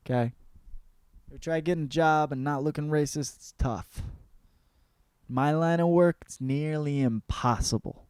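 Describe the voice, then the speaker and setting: Profane rambling comedian with a dry sound. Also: male voice, fairly high pitch, a little slow, clear, resonant tone, no echo. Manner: profane, rambling, jumps between mumbled asides and loud rants. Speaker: comedian and podcast host.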